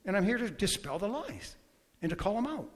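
A man preaching a sermon, emphatic, swinging between loud bursts and quiet asides. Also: sits high, sing-song, a little fast. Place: church hall. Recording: long hall reverb.

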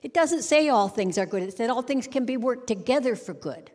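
A woman's voice: a little high, animated, fairly quick, darkish tone. A middle-aged woman giving a humorous sermon on a church stage, a wry storyteller who jokes and acts out little scenes. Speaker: church speaker. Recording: long hall reverb.

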